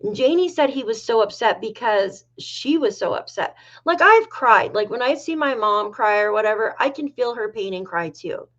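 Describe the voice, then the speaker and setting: A woman's voice: on the high side, animated, normal speed, a bit bright, highs cut off. A middle-aged woman from New York hosting a casual livestream, chatting with viewers and reading their comments aloud. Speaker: livestream host.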